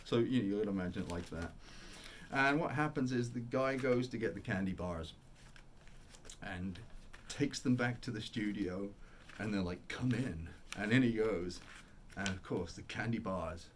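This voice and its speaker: A man's voice: on the low side, slight background noise. A man hosting a casual monologue about old records, rambling and enthusiastic, often interrupting himself. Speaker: record collector host.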